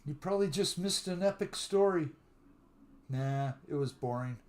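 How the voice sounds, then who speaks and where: A man's voice: on the high side, darkish tone. An older man hosting a live stream, telling stories in a casual, drawling way and greeting viewers by name. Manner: chatty storyteller who greets viewers by name; drawling, unhurried talk.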